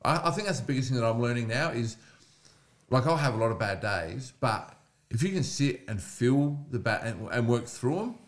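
A man's voice: medium pitch, moderate pace. A young Australian man on a podcast, a comedian telling casual stories and acting out the people in them. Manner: animated storyteller who acts out quoted voices. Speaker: comedian and mental health speaker.

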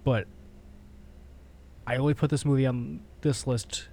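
A man co-hosting a podcast in casual chat, excitable and swearing as he runs down a ranked list. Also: mid-range voice, unhurried, vocal fry. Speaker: podcast co-host.

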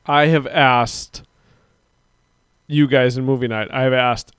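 A man's voice: mid-range voice, steady tone, moderate pace, a bit bright, clear, resonant tone, no echo. A man hosting a live stream, chatting casually and rambling as he reads out viewers' comments. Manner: rambling, talks to chat viewers, mock-quotes people. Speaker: podcast host.

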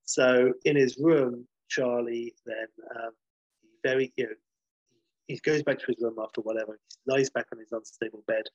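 A man tells a story in a loose, rambling way, swearing freely and restarting sentences as he goes. His voice is a bit husky, and the recording sounds dull and dry, with no room around it. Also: mid-range voice, fairly even intonation, moderate pace, no echo. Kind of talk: casual storytelling.

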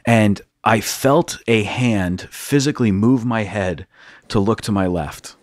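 Young east coast priest, lowish voice, dry close sound, animated storyteller who laughs a lot. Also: male voice, takes it slowly, no echo. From United States, East Coast. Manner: animated storyteller, acts out quotes, laughs often. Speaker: priest and podcast host. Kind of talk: storytelling in casual conversation.

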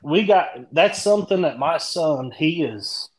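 A middle-aged man from Indianapolis with a Kentucky country accent, a podcast guest chatting loosely and telling stories in a drawn-out, rambling way. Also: fairly high pitch, expressive, low-quality recording. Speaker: guest, dent repair tech. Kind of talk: casual podcast chat.

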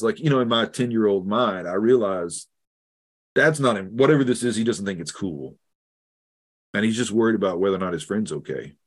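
A middle-aged man with a very low voice tells a personal story during an interview. He speaks earnestly and haltingly, often restarting his sentences. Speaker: guest theologian. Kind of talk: reflective storytelling in conversation.

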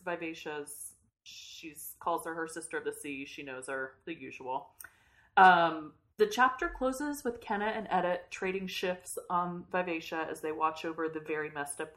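A woman telling a story in a casual, animated way, swearing often and laughing at the funny parts. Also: fairly low pitch, a little slow. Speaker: podcast host recapping a book. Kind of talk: casual chat.

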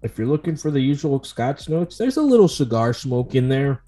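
A man co-hosting a casual whiskey-tasting podcast, loud and joking. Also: big pitch swings, normal speed, faint music behind. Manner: loud, joking, swings his pitch widely. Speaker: podcast co-host.

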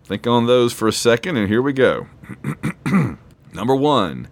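A man's voice: mid-range voice, sing-song, a little slow. A man hosting a casual trivia quiz, rambling and self-deprecating as he reads questions and reacts. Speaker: quiz host.

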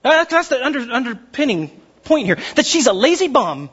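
A man preaching a sermon in a lively, conversational way, acting out the voices of the people in his story. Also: very high voice, brisk, breathy edge, muffled recording. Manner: animated, acts out voices of characters. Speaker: pastor.

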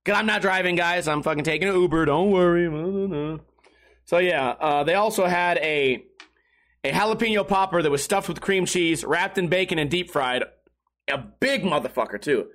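A man's voice: high voice, moderate pace, fairly bright tone. A young man livestreaming, chatting casually to viewers, swearing a lot and laughing at his own jokes. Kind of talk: casual rambling chat to stream viewers.

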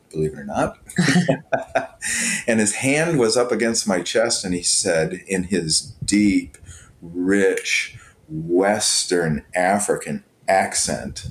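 A middle-aged man, a podcast guest, telling a personal story in an animated, chuckling way. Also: low voice, a little hiss or hum. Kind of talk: conversational storytelling.

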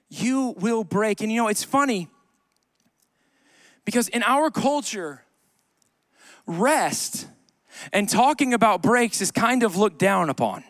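A man's voice: high voice, expressive, takes it slowly, long pauses, a bit bright, dry recording, clean studio sound. A man preaching a sermon to a congregation in church, conversational, with joking asides and repeated key lines. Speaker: pastor. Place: church sanctuary.

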